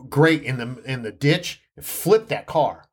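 A man's voice: mid-range voice, animated, unhurried, slightly rough. A man co-hosting a casual podcast, telling rambling anecdotes. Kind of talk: casual chat.

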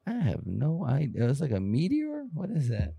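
A young man co-hosting a casual podcast, talking in an easygoing, rambling way with frequent pauses. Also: a little high, wildly swooping pitch, creaky, warm tone, slightly rough, no room sound. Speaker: podcast co-host.

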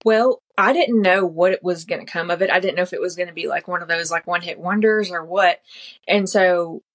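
Lady on a podcast, lowish voice, chatty, says like a lot. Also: a little fast, fairly bright tone. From Southern United States. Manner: chatty, sprinkles in lots of "like". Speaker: podcast guest, comedy creator. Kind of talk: casual interview chat.

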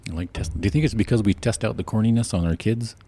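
A man's voice: on the low side, quick pace, dark tone, slight background noise. A man co-hosting a podcast, bantering playfully in casual chat. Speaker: podcast co-host.

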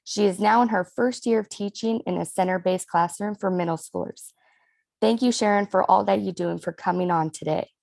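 A woman hosting an interview podcast, encouraging her guest and reacting warmly to her stories. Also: mid-range voice, brisk, gravelly, no echo. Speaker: podcast host.

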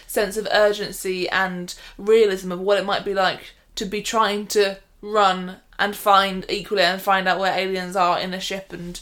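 A woman's voice: mid-range voice, little pitch movement, normal speed, hardly any pauses, fairly bright tone. A woman co-hosting a podcast in casual chat, with a dry, wry sense of humor. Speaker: podcast co-host.

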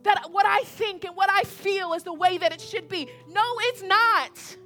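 Young woman preacher, high bright voice, chatty and animated, keeps asking the crowd questions. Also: normal speed, soft background music. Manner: animated, conversational, repeats points, asks audience questions. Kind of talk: sermon.

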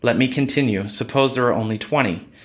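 A man's voice: medium pitch, fairly quick, lightly acted. A man reading the part of Abraham, a very old man pleading earnestly.

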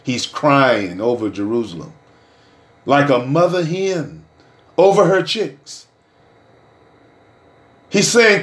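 A middle-aged man preaching and telling his own testimony, dropping to hushed murmurs and rising to loud shouts. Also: medium pitch, lively intonation, slow pace, long pauses. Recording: roomy echo.

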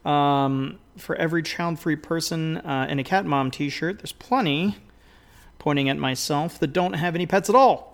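A man's voice: on the high side, normal speed, vocal fry. A man co-hosting a podcast in casual, rambling talk, theatrical and self-mocking, with plenty of fillers and mild swearing. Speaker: podcast co-host.

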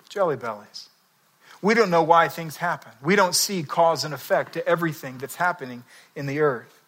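A man's voice: fairly high pitch, sharp tone. A man preaching a sermon, telling a story and reading scripture in a conversational, emphatic way. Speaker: pastor.

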